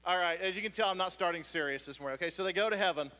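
Male pastor, sermon, casual storytelling, high bright voice, long hall reverb. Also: very fast. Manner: casual storytelling with frequent restarts and chuckles.

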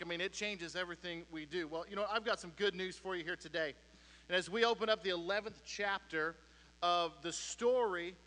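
A man's voice: high voice, sharp tone, slight background noise. A man preaching a sermon who tells a joke casually, with frequent restarts and chuckles. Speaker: pastor. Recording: long reverb of a large hall.

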